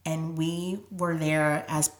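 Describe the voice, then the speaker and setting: Low-voiced woman telling a personal story. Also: flat delivery, takes it slowly, roomy sound. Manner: softens to near-whisper when moved, many "like" fillers. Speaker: guest.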